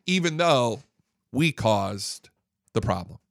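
A man's voice: on the high side, huge pitch swings, unhurried, sharp tone, no echo, studio quality. A man hosting a political commentary show, ranting emphatically and repeating his points for effect. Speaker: host.

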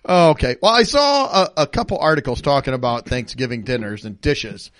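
A man hosting a casual chat, telling food stories in a chatty, animated way. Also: medium pitch, moderate pace, no echo, studio quality. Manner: chatty, lively storytelling with laughs. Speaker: podcast host.

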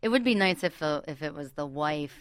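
Casting note: chatty actress guest, slightly low voice, lots of laughter, close dry sound. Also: female voice, fairly quick, smooth, no room sound. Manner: laughs often, animated storyteller. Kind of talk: casual chat.

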